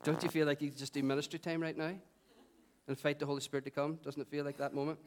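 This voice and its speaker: A Northern Irish man preaching in church, his voice pitched high for a man. He keeps the sermon light, teasing his listeners between passages of scripture. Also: level tone, quick pace. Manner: playful, joking with the congregation. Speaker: pastor. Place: church hall.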